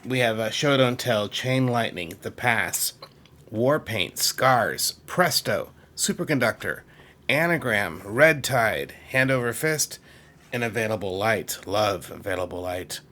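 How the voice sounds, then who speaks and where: A man's voice: on the low side, expressive, measured pace, pushed and bright. A middle-aged man from Massachusetts chatting to camera about his music collection, enthusiastic and rambling, with frequent asides to viewers. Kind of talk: casual chat to camera.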